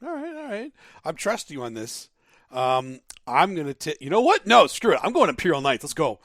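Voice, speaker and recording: A man co-hosting a casual gaming podcast, excitable and joking in quick back-and-forth chat. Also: on the high side, no echo, studio quality. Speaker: co-host.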